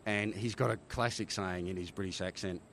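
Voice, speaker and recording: A middle-aged Australian man, a former army helicopter pilot, telling animated stories in a casual interview, often checking in with "right?". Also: on the low side, fairly quick, a little hiss or hum. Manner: animated war-story telling, frequent "right?" tags.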